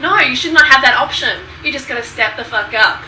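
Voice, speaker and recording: A woman's voice: high voice, brisk, pushed and bright. A woman talking casually and hesitantly, rambling with many fillers, heard in a played clip. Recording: echoey distant clip with faint noise.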